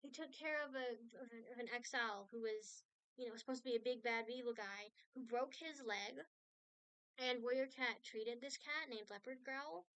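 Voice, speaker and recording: Chatty woman streaming art, bright voice, dry close sound, keeps restarting sentences. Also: a little high, normal speed, clean tone, dry recording. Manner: rambling, with many restarts and asides. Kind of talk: casual chat.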